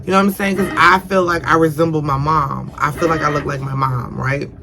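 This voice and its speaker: Chatty young woman with a gravelly edge. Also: low-pitched, steady tone, fairly quick, noisy background. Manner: rambling, repeats herself, chatty fillers; emotional and earnest. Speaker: vlogger. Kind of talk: casual storytime.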